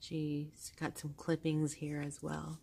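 Low-voiced gushing woman vlogger. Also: completely flat delivery, takes it slowly, vocal fry, slight background noise. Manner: gushing, soft-spoken, with frequent fillers and laughs. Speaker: vlogger showing a journal. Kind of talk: casual chat. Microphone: handheld camera held close.

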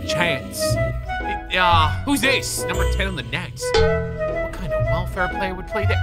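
A man doing casual game pack-opening commentary, excitable and swearing, groaning and shouting at his cards. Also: high voice, measured pace, over loud music. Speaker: YouTuber.

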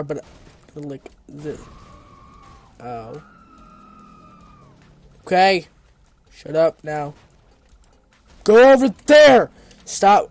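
Excitable man yelling through a let's play. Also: high-pitched. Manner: excitable, yelling at the game, frequent outbursts. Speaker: gaming video creator.

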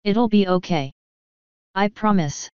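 A woman's voice: medium pitch, slow pace, a little mellow, clear, resonant tone, no room sound, lightly acted. A woman voicing a young female pony mage, soothing and reassuring, in a storybook reading. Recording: dull lo-fi dry recording.

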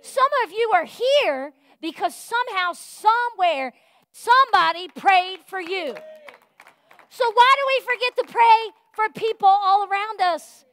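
Fervent high-voiced woman preaching. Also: animated, measured pace. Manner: fervent, folksy preaching, swings from loud exhortation to soft confiding. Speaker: pastor. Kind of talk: sermon. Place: church.

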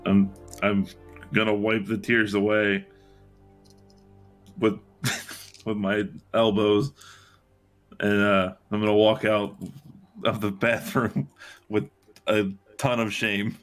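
A man's voice: level tone, slow, long pauses, soft background music. A man playing a tabletop game, giggly and melodramatic, often laughing. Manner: giggly, melodramatic, jumps into squeaky highs. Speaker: player.

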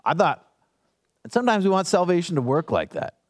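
Guy pastor preaching, kinda high voice, bounces around a lot, chatty and jokey. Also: wildly swooping pitch, quick pace. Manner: casual storytelling with playful asides. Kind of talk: sermon.

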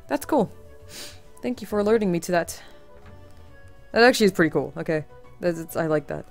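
A woman's voice: mid-range voice, animated, fairly quick, pauses often, a little mellow. Sarcastic, foul-mouthed young woman gamer. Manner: sarcastic, swears a lot, mock outrage. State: tired, strained voice. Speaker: gaming channel host. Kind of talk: casual let's-play commentary. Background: faint game music.

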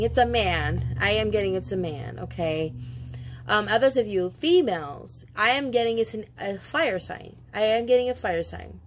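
A woman giving a casual spoken tarot reading, emotional and chatty, with many asides and some casual swearing. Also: medium pitch. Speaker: tarot reader.

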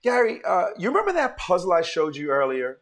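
A man's voice: high voice, fairly quick. A man giving a live-streamed chess lesson, telling stories and calling out to his viewers. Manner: animated, storytelling, calls to viewers. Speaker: chess teacher.

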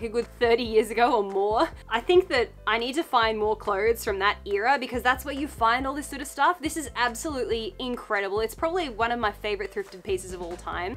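A woman's voice: on the high side, fairly bright tone. Bubbly young Australian woman, gushing. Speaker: fashion vlogger. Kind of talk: casual thrift haul chat.

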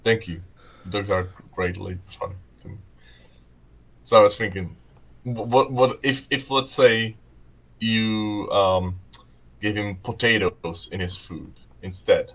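A man's voice: lowish voice, slow pace, fairly bright tone, low-quality recording. A man whose first language is Czech, chatting casually and playfully, often laughing and restarting his sentences. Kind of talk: casual chat.

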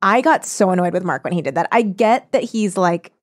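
A woman co-hosting a podcast in casual chat, animated and rambling, laughing and driving her points home. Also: on the low side, a little fast. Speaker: podcast co-host.

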